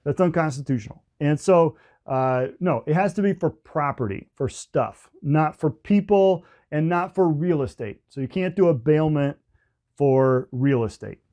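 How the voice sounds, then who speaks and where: A man's voice: a little high, lively intonation, unhurried, mellow. A man lecturing on business law in a casual, joking way, tagging points with "okay?" and "right?". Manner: chatty, joking asides, frequent "okay?" and "right?" tags.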